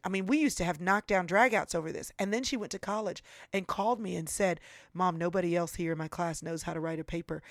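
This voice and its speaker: A woman in her forties, speaking as an author and guest in an interview on faith and prayer, talking in an earnest, animated, preacherly way. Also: lowish voice, brisk, no echo, studio quality. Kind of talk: faith-based conversational interview.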